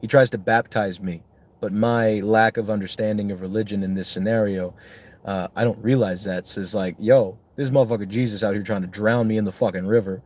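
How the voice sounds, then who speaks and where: A young man with a lowish voice rambles casually. He swears a lot and jokes at his own expense. He comes across as a songwriter talking loosely between takes. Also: steady tone, fairly quick, a little mellow. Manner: profane, self-mocking, rambling.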